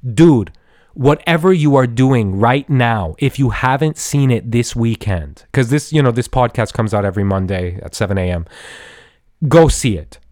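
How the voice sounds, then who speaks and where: Male podcast host, mid-pitched, gushing, rambling film review, dry close mic. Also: normal speed, dry recording. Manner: excited, rambling storytelling with many restarts and swearing. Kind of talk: casual solo movie review. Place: Los Angeles area.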